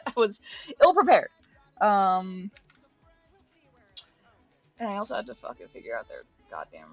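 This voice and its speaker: This is casual live-stream talk from a young woman who draws as she chats, swears without restraint, and laughs often while addressing her cat. Her pitch is medium.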